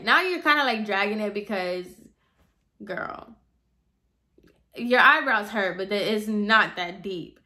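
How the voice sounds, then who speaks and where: A woman's voice: fairly high pitch, expressive, a little slow, sharp tone. A young woman telling a chatty, exasperated story about a difficult salon client, full of "like" and "girl". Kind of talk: casual storytime vlog.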